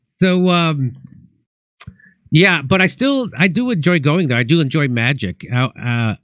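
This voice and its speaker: Comedian host, male, slightly high voice, dry close sound, rambling anecdotal delivery. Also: fairly bright tone, no room sound. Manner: rambling anecdotes with restarts and acted quotes. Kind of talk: casual storytelling chat.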